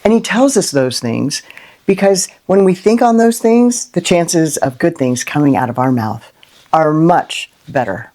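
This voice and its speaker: A middle-aged woman hosting a Christian inspirational video, talking unscripted and from the heart, with lively rhetorical questions and frequent "right?". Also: deep voice, measured pace. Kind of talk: unscripted heartfelt monologue to camera.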